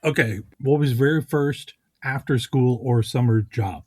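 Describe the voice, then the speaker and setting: A woman's voice: rumbling low, unhurried, dark tone, husky. A woman co-hosting an interview show, teasing and playful in casual chat.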